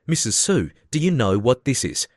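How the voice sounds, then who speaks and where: A calm young woman laying out her reasoning point by point, as a male narrator reads her lines. She stays even and persuasive. The reading is mid-pitched and the recording is dry. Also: normal speed, no room sound. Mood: persuading.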